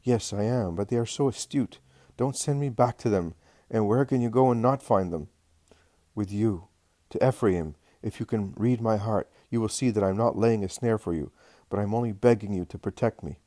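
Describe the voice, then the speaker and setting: A man's voice: lowish voice, moderate pace, warm tone, no room sound, clean studio sound, lightly acted. A man voicing a terrified, repentant would-be assassin who cries out and pleads for mercy. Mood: anxious. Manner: frantic, pleading, sobbing cries.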